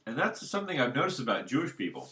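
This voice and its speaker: Bright-voiced man rambling at home. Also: medium pitch, huge pitch swings, fast. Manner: rambling, thinks aloud, circles back to points. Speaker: solo commentator. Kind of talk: casual unscripted monologue.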